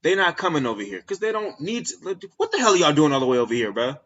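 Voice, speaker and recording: A man from Texas hosts a podcast in a casual, slangy, animated monologue. His voice is bright and forceful, recorded a little dull and lo-fi. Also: on the high side, fast talker. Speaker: podcast host.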